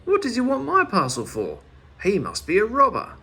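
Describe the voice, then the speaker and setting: A man putting on a bumbling little storybook man, high and panicky, whose voice sounds loud and breathless. The voice has a gravelly, husky edge. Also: huge pitch swings, normal speed, heavily acted. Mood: alarmed.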